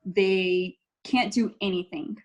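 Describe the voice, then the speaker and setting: A woman from Texas sits as a guest on a faith talk show and tells her story casually, at an average pitch. She brings each moment to life, often slipping into the voices of the people she quotes. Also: slow, highs cut off. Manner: animated storytelling, acts out quotes. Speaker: guest, mother. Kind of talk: casual conversation.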